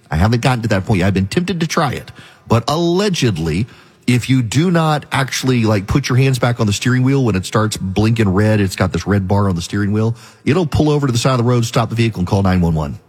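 Husky-voiced opinionated radio host, man. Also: mid-range voice, a little mellow. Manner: opinionated, emphatic ranting. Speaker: radio talk show host. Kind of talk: talk radio monologue.

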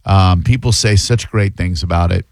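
A man's voice: deep voice, normal speed, gravelly, dry recording. Loose, joking male radio host. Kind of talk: casual radio talk show. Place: radio studio. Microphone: studio mic.

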